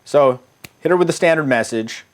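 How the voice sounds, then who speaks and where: A middle-aged dating coach from the US, his voice on the high side and his pace moderate. He swears freely and keeps things casual while reading his dating-app chats, laughing often at his own jokes.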